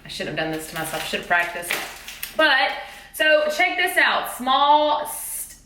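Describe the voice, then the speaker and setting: This teacher vlogger, a woman, goes through her school-supply haul in casual, bubbly chat peppered with exclamations. Her high-pitched voice is bright and forceful, with lively intonation and a slightly slow pace. The recording has an echoey room and slight background noise.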